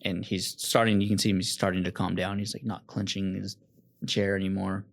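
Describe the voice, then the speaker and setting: A man's voice: low-pitched, flat delivery, brisk, creaky. A man running a tabletop game as game master, narrating casually with fillers.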